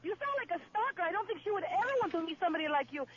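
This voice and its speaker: A woman caller with a very high voice rattles off indignant complaints at speed. She scolds without pausing. The line is muffled, with faint hiss behind her. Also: expressive. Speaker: radio caller. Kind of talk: phone call to a radio show.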